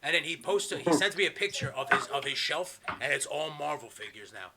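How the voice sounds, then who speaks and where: A man's voice: on the high side, expressive, gravelly, sharp tone. A man hosting a podcast, casually telling rambling, profane stories over a video call. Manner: fast, rambling storyteller, swears a lot. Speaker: podcast host. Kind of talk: casual chat.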